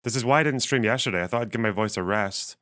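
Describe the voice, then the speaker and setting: A man live-streaming casual commentary while reading chat, his voice strained and missing its lower range, swearing and laughing as he thinks aloud. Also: quick pace, fairly bright tone.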